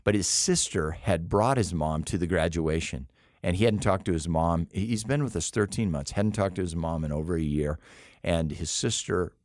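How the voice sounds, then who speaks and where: A man's voice: sits low, moderate pace, a little mellow, no echo, clean studio sound. A middle-aged man who leads a rescue mission, telling stories earnestly in an interview with frequent restarts. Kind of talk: interview conversation.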